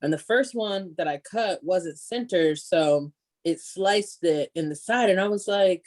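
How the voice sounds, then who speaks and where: A woman's voice: fairly low pitch, unhurried. A woman co-hosting a podcast, telling stories in casual chat with plenty of swearing. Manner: profane, animated storytelling. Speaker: podcast co-host.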